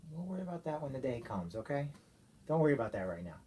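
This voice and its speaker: A father giving his young daughter an earnest, gentle talk, often checking with "okay?". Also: mid-range voice, very animated, fast, slight background noise. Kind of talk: heartfelt talk to his child.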